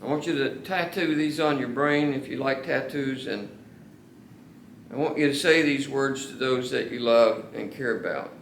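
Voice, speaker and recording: Earnest male pastor mid-sermon, drawn-out emphasis; reverberant church sound. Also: medium pitch, a little hiss or hum. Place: church sanctuary. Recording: echoey church room.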